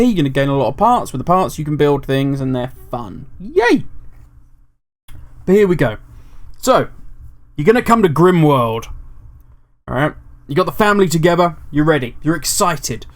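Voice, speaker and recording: A man hosting casual gaming commentary, rambling and jokey, animated and swearing freely. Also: fairly high pitch. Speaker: gaming video host.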